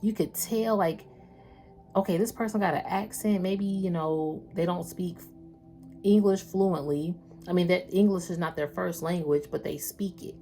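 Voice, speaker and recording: Low-pitched lady doing a chill spiritual reading, slangy and chatty, faint music behind. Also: moderate pace, warm tone. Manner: chatty, slangy, addresses viewers as y'all. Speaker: spiritual tarot reader. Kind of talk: casual spiritual reading and chat.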